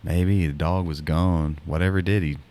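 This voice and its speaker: Deep-voiced man telling a rambling story. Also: steady tone, moderate pace, a little mellow. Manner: rambling, lots of fillers and restarts. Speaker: podcast co-host. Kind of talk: casual storytelling.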